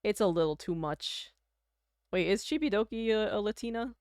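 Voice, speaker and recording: A young Canadian woman streams from home, her voice smooth and resonant in a very dry close-miked sound. She rambles in easy casual chat, full of fillers and giggles. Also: mid-range voice, moderate pace, darkish tone, dry recording. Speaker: livestreamer.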